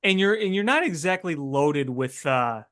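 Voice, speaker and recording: A man's voice: fairly high pitch, expressive, normal speed, fairly bright tone. A man co-hosting a casual sports podcast, talking things through with hesitant restarts.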